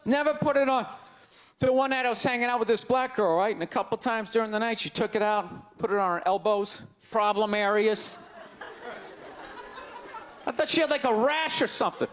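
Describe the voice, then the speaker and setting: A man with a Boston accent doing a stand-up set on stage, ranting in loud, exasperated bursts that break into shouts. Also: high voice, normal speed. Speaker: stand-up comedian. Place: live comedy stage before an audience. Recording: live crowd laughter, faint background noise. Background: audience laughter.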